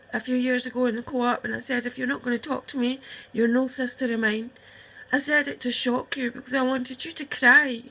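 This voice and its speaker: A high, gravelly, tense woman's voice, upset and close to tears. She rambles through a heartfelt personal message to camera, talking straight to her sister and swearing now and then. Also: pushed and bright, poor audio. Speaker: vlogger addressing her estranged sister.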